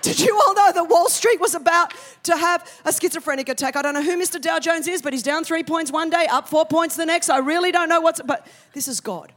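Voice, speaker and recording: A woman in her forties from Australia, preaching a sermon as a pastor with animated comic asides that build to loud declarations. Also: very high voice, brisk, hardly any pauses.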